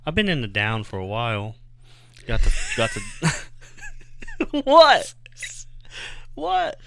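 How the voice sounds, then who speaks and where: A man's voice: mid-range voice, wildly swooping pitch, slow pace, vocal fry, pushed and bright, a little hiss or hum. A man in his thirties co-hosting a podcast, telling crude, self-mocking stories in casual comedic chat. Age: 30s. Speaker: podcast co-host.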